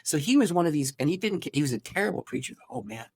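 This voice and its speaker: A man, a pastor, telling his life story in an interview, animated and acting out the people he quotes. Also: sits high, rapid-fire, creaky.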